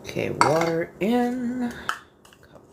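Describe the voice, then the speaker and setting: This livestream host is a tired woman who has just woken up, talking bluntly and casually on a body-doubling stream and cursing without restraint. Her lowish voice is creaky and slow, swinging widely in pitch over heavy background noise.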